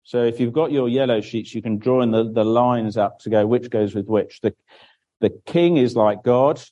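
A man's voice: medium pitch, moderate pace, warm tone, highs cut off. A man giving a children's Bible talk in church, explaining simply and asking questions that he then answers himself. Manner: draws on a board while speaking, with frequent restarts.

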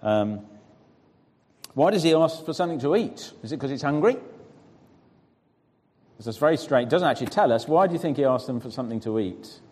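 A man's voice: medium pitch, lively intonation, a little fast, pauses often, a little mellow, husky. A preacher reading scripture aloud, then teaching by putting questions to his listeners and praising their answers. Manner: questioning the audience, encouraging. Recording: long reverb of a large hall.

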